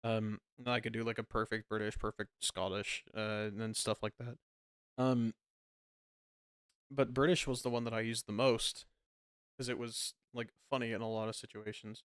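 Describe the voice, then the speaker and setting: A man's voice: fairly low pitch, moderate pace, smooth, no room sound, clean studio sound. A man, a podcast co-host, telling stories in casual chat and laughing often. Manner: animated storytelling, laughs often.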